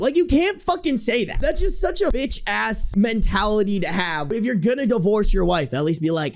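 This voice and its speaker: Lively young woman reading stories aloud. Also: fairly high pitch, brisk, few pauses. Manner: animated, swears freely in casual slang. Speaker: online streamer reading reddit posts.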